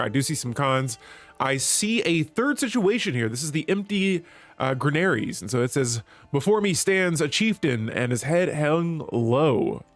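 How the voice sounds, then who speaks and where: A man's voice: mid-range voice, fairly bright tone, no echo. A man streaming a strategy game, chatting with viewers and reading the in-game text aloud. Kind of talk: live gameplay commentary.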